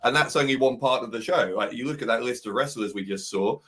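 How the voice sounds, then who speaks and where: A man chatting as a panelist on a video call, excitable and stammering as he restarts his thoughts. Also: mid-range voice, fast talker. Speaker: guest panelist. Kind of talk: casual preview chat.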